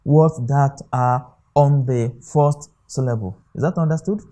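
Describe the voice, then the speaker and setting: A man's voice: medium pitch, unhurried, dark tone. A man with a Nigerian English accent teaching an exam-prep lesson, often asking rhetorical questions and checking "okay?". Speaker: English tutor.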